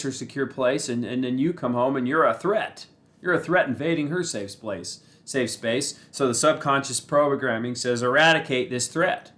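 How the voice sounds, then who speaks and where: Casting note: mid-pitched man, loose conversational host, rambles, keeps checking in with "right?". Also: a bit bright. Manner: breaks into laughter, repeats phrases for emphasis. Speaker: channel host. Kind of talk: casual spoken talk on Buddhism and the mind.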